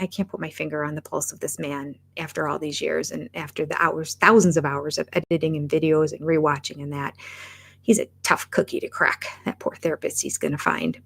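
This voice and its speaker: With a deep, gravelly voice, this middle-aged woman runs a live reality TV review chat. She's candid and chatty in this casual stream, often stopping mid-sentence to laugh at herself.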